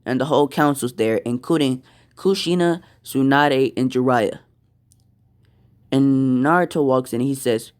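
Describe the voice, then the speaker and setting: A man narrating an improvised fan story at a very slow pace. His speech is halting, full of pauses and restarts. His voice sits in a mid pitch. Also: clear, resonant tone.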